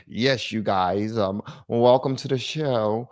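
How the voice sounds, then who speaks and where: Man, livestream host, gravelly voice, dry close mic, animated rants and low asides. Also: a little slow, few pauses, no room sound. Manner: animated, switches between loud rants and low muttering. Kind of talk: casual political commentary livestream.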